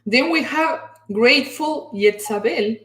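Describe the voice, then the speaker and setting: A woman's voice: a little high, a little slow, fairly bright tone. A woman hosting a casual livestream chat, effusive and chatty as she greets viewers. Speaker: host. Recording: roomy echo.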